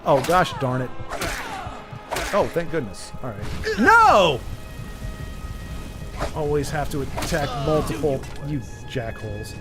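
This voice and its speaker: An excitable man narrating his own gameplay live, throwing taunts at enemies as he goes. His voice sits a little high for a man and jumps around in pitch, with frequent sudden excited yelps. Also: unhurried, over music. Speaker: streamer.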